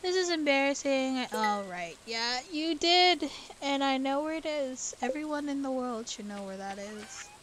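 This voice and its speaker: Chatty woman streamer, slow and high. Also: lively intonation, slight background noise. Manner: chatty, talks to herself, sudden loud outbursts. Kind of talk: casual gameplay commentary.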